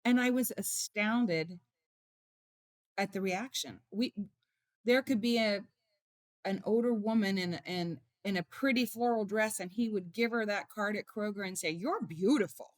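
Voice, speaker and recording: A middle-aged woman speaking as an interview guest, telling warm family stories with lively emotion. Her voice sits at an ordinary pitch and is recorded dry and close, with no room sound. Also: measured pace, no echo. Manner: emotional, animated storytelling. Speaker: guest, author and mother. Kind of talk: conversational interview storytelling.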